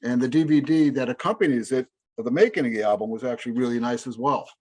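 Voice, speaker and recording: A man's voice: mid-range voice, fast talker, a little mellow. A middle-aged man co-hosting a casual podcast, rambling and correcting himself as he talks enthusiastically about albums. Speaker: podcast co-host. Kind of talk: casual chat about music.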